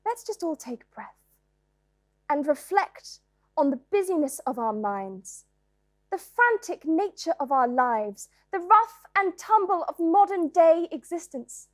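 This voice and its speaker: A woman's voice: extremely high pitch, very animated, a little slow, no room sound, heavily acted. Woman doing a sugary bedtime wellness host. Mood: soothing. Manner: soothing with sudden spiteful outbursts. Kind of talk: comedy sketch character.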